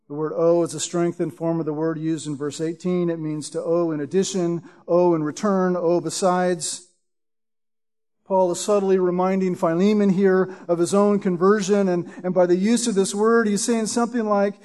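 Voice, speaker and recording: A man with a notably high voice teaches through a Bible passage verse by verse. He explains word meanings patiently and leans on the scripture quotes for emphasis. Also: flat delivery, normal speed, a little mellow. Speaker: preacher.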